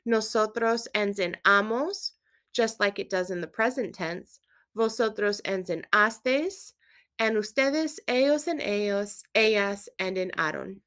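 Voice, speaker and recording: A woman teaching a Spanish lesson with a clear, patient delivery. She walks through verb endings step by step and quizzes the listener. Her voice sits at a middle pitch. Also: measured pace, a bit bright. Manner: clear, patient instruction with quiz prompts. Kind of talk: scripted language lesson.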